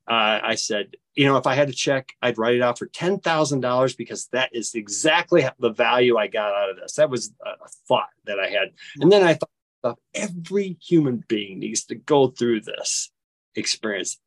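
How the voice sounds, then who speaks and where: A man recounts a personal story, jumping up in pitch to act out each quoted line. His voice sits at an ordinary middle pitch, and the recording is close and dry, with no room sound. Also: no room sound. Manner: animated, acts out quoted dialogue with big pitch jumps; halting, with frequent restarts. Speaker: interview guest.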